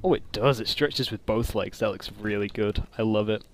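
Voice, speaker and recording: A man giving casual commentary on a game mod, excitable and gushing, with frequent exclamations. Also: lowish voice, normal speed. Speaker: gaming commentator.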